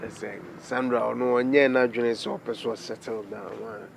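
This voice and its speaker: A man's voice: mid-range voice, fairly even intonation, moderate pace, creaky, a little hiss or hum, lightly acted. An actor in his thirties with a Ghanaian accent playing a grown son reluctant to marry, hesitant and giving short replies. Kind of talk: film drama acting.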